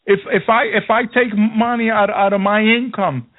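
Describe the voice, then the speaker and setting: A man's voice: high-pitched, steady tone, normal speed, no echo, voice pushed up, natural voice. A preacher putting on a fretful older mother. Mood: anxious pleading. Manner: anxious, pleading, stammering. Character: worried older mother of twelve on a fixed income. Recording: thin phone-like radio sound.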